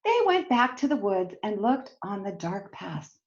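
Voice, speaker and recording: A woman teacher reading a storybook aloud to children, expressive and speaking to them directly. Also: mid-range voice, a little slow. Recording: dull lo-fi recording.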